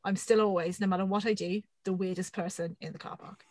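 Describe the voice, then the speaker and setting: A woman in her thirties telling a funny story on a podcast, animated and self-mocking, swearing often. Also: mid-range voice, fast, no echo, low-quality recording. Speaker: podcast co-host. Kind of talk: casual storytelling chat.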